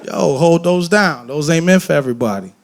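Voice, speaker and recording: A man from Detroit talking candidly on a festival stage, telling animated, profane, joking stories and acting out voices. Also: fairly high pitch, brisk, creaky. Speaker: guest musician on stage. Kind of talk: candid onstage conversation. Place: festival main stage before an audience.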